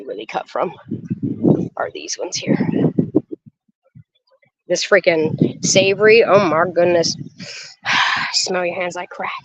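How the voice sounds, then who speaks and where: This is a casual walk-and-talk garden tour from a woman vlogger with a fairly low voice, who chats excitably, curses without restraint, and addresses her audience head-on. It's filmed outdoors on a handheld phone, so the audio is a bit dull, though there's no room sound.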